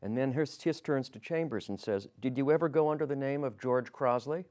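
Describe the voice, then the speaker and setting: Here a man reads a history podcast a little fast, in a medium-pitched voice with a darkish tone. He lightly varies his tone for quotations and catches and corrects the odd slip.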